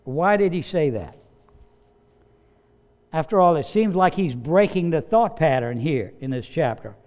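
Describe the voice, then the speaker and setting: Pastor, male, fairly high smooth voice, chatty sermon delivery with asides. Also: lively intonation, measured pace, darkish tone. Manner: conversational preaching with asides and occasional coughs. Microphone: slides and study sheet, speaking to a congregation.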